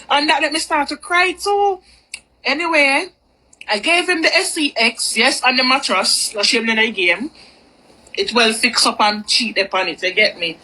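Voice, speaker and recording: A woman's voice: high-pitched, moderate pace, bright, forceful tone, low-quality recording. A woman telling a personal story in a candid, rambling, chatty way. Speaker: vlogger. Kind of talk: storytime monologue.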